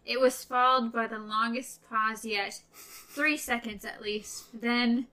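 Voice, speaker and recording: A woman's voice: fairly high pitch, fairly even intonation, takes it slowly, pushed and bright, poor audio. A woman reading a novel aloud and recapping the scene in casual chat.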